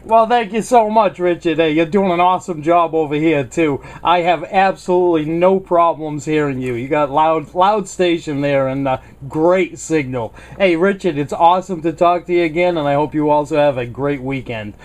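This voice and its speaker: A man from South Carolina chats on the air as a ham radio operator. His voice sits fairly high, and he stays friendly and upbeat throughout. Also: moderate pace, hardly any pauses. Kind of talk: radio contact chat.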